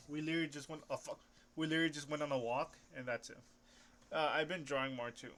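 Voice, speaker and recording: A man's voice: a little high, fairly even intonation, fast talker, a bit bright, a little hiss or hum. A young man rambling casually about comics, hesitant, restarting often and swearing offhandedly. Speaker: comic book vlogger.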